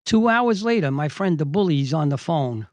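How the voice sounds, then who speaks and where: A man's voice: on the high side, normal speed, no echo. An older man, a judge, hosting and telling a courtroom story from his days as a trial lawyer, acting out the exchanges with relish. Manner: lively anecdotal telling, acting out quoted exchanges.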